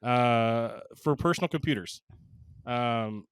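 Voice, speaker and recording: A man's voice: mid-range voice, takes it slowly, clean tone, no echo. A man in his thirties co-hosting a casual podcast, joking and rambling through his explanations. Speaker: podcast co-host.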